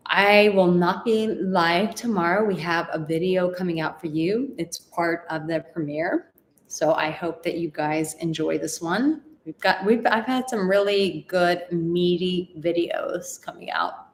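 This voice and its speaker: A woman's voice: lowish voice, a little hiss or hum. Chatty woman coach in a roomy room. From Texas, USA. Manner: earnest and chatty, with frequent fillers and laughs. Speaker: relationship coach and host. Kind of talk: live-stream advice, reading viewer comments aloud. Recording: roomy echo with faint ambience.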